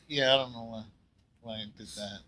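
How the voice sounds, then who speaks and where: A man pastoring a church, telling a story in a casual, rambling way and often clearing his throat. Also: medium pitch, a little slow, pushed and bright, rough recording. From California. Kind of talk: casual Bible talk.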